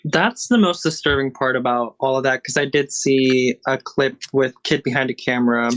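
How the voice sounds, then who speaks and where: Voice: mid-range voice, normal speed, a bit bright. A young adult guest in casual chat, telling a story in a reflective way.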